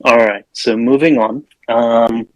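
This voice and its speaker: A man hosting a casual film-review podcast, loosely rambling through the plot with plenty of fillers. His voice sits at an ordinary middle pitch. The sound is close and dry, with no room around it. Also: steady tone, slow, no room sound, low-quality recording. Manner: retells scenes with acted-out quotes. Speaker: podcast host.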